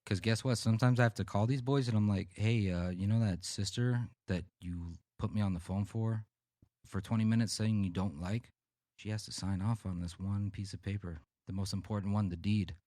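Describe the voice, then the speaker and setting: A man with a lowish voice, co-hosting a podcast, tells a rambling, profane story at a moderate pace, animated as he chats casually. The studio-quality recording has no echo.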